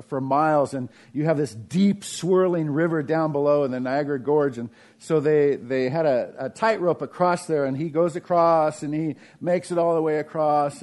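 A middle-aged man preaching a conversational sermon, asking the congregation questions and swinging between raised emphasis and quiet, low asides. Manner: conversational preaching with frequent restarts and rhetorical questions. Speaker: pastor.

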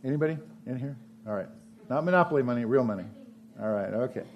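A man preaching a sermon, retelling a parable with lively acted-out voices. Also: medium pitch, fast, lo-fi sound, slight background noise. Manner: animated storytelling, acts out parable voices. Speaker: pastor.

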